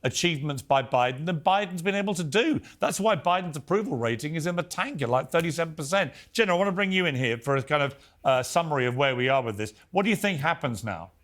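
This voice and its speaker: A man's voice: a little high, animated, fast, hardly any pauses, fairly bright tone. A man hosting a televised debate, firm and steering the talk. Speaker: talk show host.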